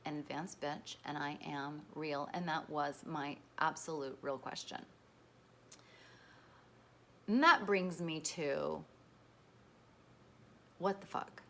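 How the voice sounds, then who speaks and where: A woman talks straight to her followers in a candid personal vlog. She is emphatic and blunt, swears freely, and circles back over her own words. Her voice sits low but rings bright and forceful, with a faint hiss of noise behind it. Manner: emphatic and frank, swears freely, repeats herself. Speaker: vlogger.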